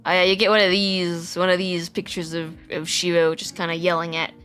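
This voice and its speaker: A woman's voice: lowish voice, little pitch movement, brisk, fairly bright tone, soft background music. Giggly, rambling streamer woman. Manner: rambling, giggly, many restarts. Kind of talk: casual live-stream chat.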